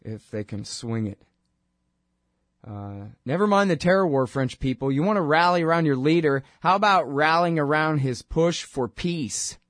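A man's voice: a little high, lively intonation, moderate pace, a bit bright, no echo, studio quality. A man hosting his own talk show, delivering a sarcastic, ranting political monologue full of mocking asides. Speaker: radio show host.

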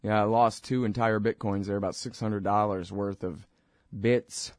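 A man's voice: fairly low pitch, steady tone, moderate pace, a little mellow, dry recording, studio quality. A man hosting his own radio show, rambling informally and wryly between plugs. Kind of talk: casual monologue with plugs.

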